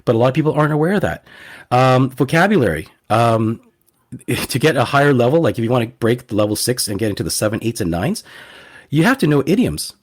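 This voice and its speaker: A man's voice: medium pitch, big pitch swings, a little fast, husky. A man, a guest teacher on a podcast interview, earnestly giving advice and often repeating words as he restarts.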